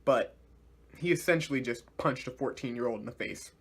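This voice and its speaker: A man giving a casual video review of a series, animated and slangy, laughing often. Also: medium pitch, fairly quick, husky.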